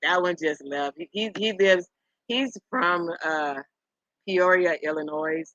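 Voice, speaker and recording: A middle-aged woman rambles through a casual chat with her viewers, chuckling and circling back on herself. Her voice is bright and forceful. The sound is dry and a little lo-fi. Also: lowish voice, slow pace, no room sound. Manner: rambling storyteller, chuckles often, repeats herself. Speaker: live-stream host chatting with viewers. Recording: dull lo-fi sound.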